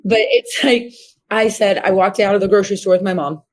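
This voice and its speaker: A woman in her fifties from Missouri, a horse trainer telling her story as a guest in an interview, acting out the voices of people she quotes. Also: a little fast. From Missouri, USA. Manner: animated, acts out quoted voices with sharp pitch jumps.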